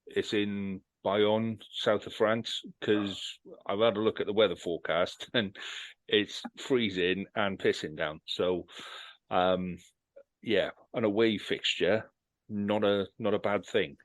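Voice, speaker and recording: A man hosts a rugby podcast, running the segments and predictions with jokey banter and free swearing in a casual chat. His fairly low voice is steady and slow, with no echo but poor audio.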